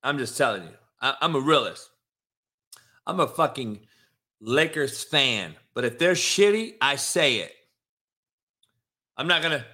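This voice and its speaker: A man's voice: medium pitch, lively intonation, measured pace, pauses often. A man hosting a sports talk show, ranting in a profane, combative and mocking way. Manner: profane, combative, mocking, swings from loud to hushed. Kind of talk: sports opinion rant.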